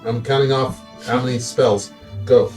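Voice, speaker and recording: Player, curt and slow, off-mic, with guitar music in the background. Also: medium pitch, steady tone, a little mellow, far from the mic. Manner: blunt, counting off.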